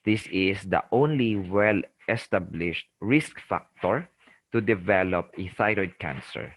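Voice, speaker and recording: Low-voiced man lecturing on ENT. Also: slow pace, low-quality recording. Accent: Filipino. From Philippines. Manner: didactic, repeats key terms, frequent "okay?" and "remember". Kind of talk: recorded medical lecture.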